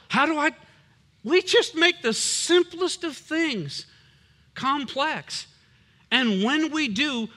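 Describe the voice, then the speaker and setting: A man's voice: extremely high pitch, bright, forceful tone. A man preaching a sermon as a pastor, emphatic and punchy, with humorous asides.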